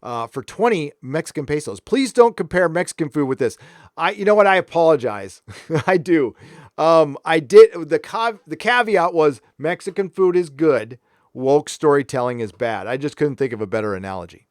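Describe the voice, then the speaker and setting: Reading out viewer comments, a San Diego live streamer rambles and speaks his mind in casual chat. He talks at normal speed in a slightly high, animated voice, captured cleanly in a studio with no room sound.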